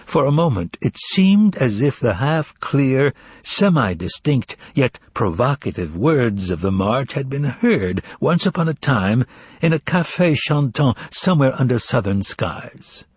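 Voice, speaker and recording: A man narrating an audiobook in an expressive way, voicing each character. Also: mid-range voice, unhurried, slightly rough, no room sound. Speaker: audiobook reader.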